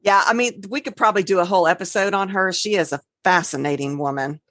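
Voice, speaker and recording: A woman's voice: fairly low pitch, quick pace, a bit bright, dry recording, studio quality. A woman co-hosting a casual podcast, telling folklore stories in a chatty way and spelling out names. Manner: chatty storyteller, spells words out, trails off. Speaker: podcast co-host.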